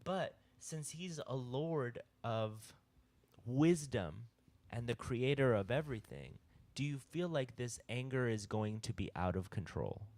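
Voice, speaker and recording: A man's voice: mid-range voice, lively intonation, measured pace, a little mellow. A man leading a casual youth-group Bible discussion, teaching conversationally and checking in with "all right?".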